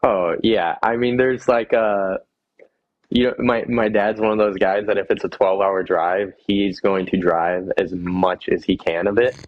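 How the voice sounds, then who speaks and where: A man's voice: on the low side, steady tone, a little slow, dull audio. A young man, a guest athlete, answering casually in a hesitant, laid-back way, often repeating words.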